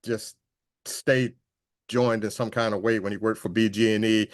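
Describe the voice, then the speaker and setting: A man hosting an interview, speaking in a halting, hesitant way with many pauses and restarts. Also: fairly low pitch, little pitch movement, dry recording, clean studio sound. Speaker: host. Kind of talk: casual interview conversation.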